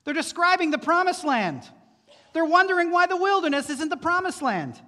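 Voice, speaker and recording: A man's voice: very high-pitched, sing-song, normal speed, pushed and bright. A male pastor preaching an earnest sermon, posing rhetorical questions to the congregation. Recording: long reverb from a large hall.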